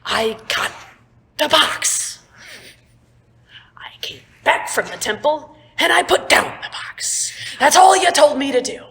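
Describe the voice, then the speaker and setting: A woman voicing an exasperated male dragonborn sailor who talks fast and flustered. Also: fairly high pitch, big pitch swings, creaky, a bit bright, pitched above the performer's own voice, heavily acted.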